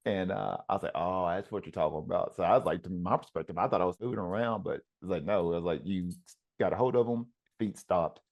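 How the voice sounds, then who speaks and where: A man's voice: low voice, fast talker, vocal fry, a little mellow. A man who coaches wrestling, talking in an easygoing, casual conversation with frequent ums and uhs. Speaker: wrestling coach and podcast host.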